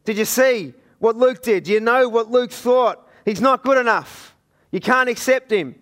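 A man's voice: extremely high pitch, moderate pace, a bit bright. A man with an Australian accent voicing the devil as a nagging, whiny tattletale in a sermon. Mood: accusing. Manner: whiny, insistent telling-on.

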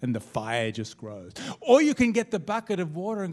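A middle-aged man delivers a sermon from the pulpit. His voice sits a little high, and he mixes humor and anecdotes with wide, animated swings of pitch and volume. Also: moderate pace, few pauses. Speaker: pastor.

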